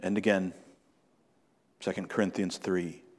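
A male pastor preaching a sermon in an earnest way, slowing down and lifting his voice to stress key points. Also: sits low, flat delivery. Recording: long hall reverb.

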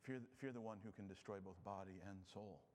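A man preaching a sermon as a pastor, expressive, moving between loud emphasis and quiet, low passages. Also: brisk, in a large hall.

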